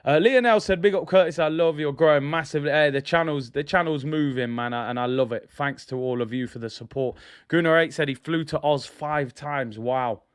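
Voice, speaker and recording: A man's voice: mid-range voice, normal speed, smooth, dry recording, studio quality. A man hosting a football fan live stream, chatting casually and upbeat as he reads out viewer messages.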